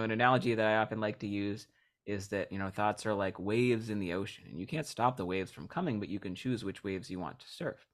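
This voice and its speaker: A man, a hypnotist guest on a podcast, telling stories in a lively way and acting out the voices of the people in them. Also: on the low side. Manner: animated storyteller, acts out voices of people he describes. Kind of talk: casual podcast interview.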